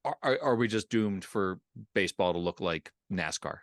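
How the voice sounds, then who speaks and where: Male podcast host, lively pitch, teasing tone, dry close sound. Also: moderate pace, no room sound. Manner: joking, teasing interviewer. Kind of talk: casual podcast chat.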